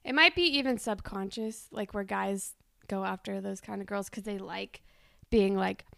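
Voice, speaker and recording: A woman's voice: medium pitch, moderate pace, vocal fry, a bit bright, no room sound, clean studio sound. A young woman co-hosting a casual podcast, rambling and filling her talk with "like" while recapping a TV show. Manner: rambling with many "like"s. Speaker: podcast co-host.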